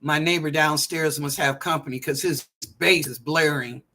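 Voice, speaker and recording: Woman psychic host, live online readings from her apartment; bright tone, chatty and animated, drawls phrases for effect. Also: low voice, normal speed. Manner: animated and playful, drawing out phrases, chatty asides. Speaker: psychic reader and show host. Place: apartment at home.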